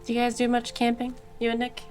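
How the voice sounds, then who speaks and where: A woman's voice: on the high side, quick pace. Casting: a woman as a player in a tabletop game, conversational, faint music underneath. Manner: relaxed, conversational, mixes in-character lines with narration. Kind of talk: tabletop role-play.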